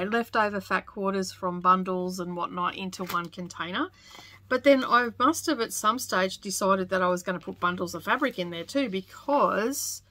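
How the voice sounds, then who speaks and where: An Australian woman in her forties chats away in a casual, rambling way, full of little fillers. Her voice is bright and forceful. The sound is close and dry, with no room echo. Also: medium pitch. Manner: chatty and rambling, many fillers, with little laughs. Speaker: sewing vlogger. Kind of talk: casual chat. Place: home sewing studio.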